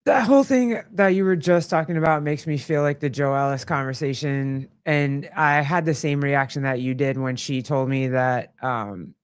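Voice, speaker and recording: A man chatting on a podcast, talking earnestly with many pauses and fillers. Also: a little high, clear, resonant tone, no room sound, clean studio sound. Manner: hesitant, filler-heavy, earnest. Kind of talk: casual chat.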